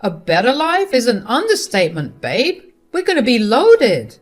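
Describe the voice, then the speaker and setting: A woman narrator voicing a greedy, scheming husband who asks excited, eager questions. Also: sits high, measured pace, faint music behind, pitched above the performer's own voice, exaggerated voice.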